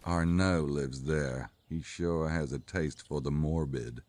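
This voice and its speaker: A man playing a gruff adult detective hero in a game, with a dry, laconic delivery. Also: extremely low pitch, steady tone, slow, a little mellow, dry recording. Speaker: game character. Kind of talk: recorded game dialogue.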